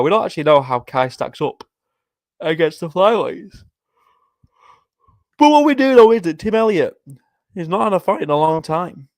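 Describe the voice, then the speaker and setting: A man's voice: on the high side, clean tone, dry recording, clean studio sound. A tired young man hosting a live stream, chatting casually, swearing often and reading out viewer comments. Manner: chatty, swears often, reads chat aloud. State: tired, yawning. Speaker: livestream host making fight predictions. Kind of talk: casual chat.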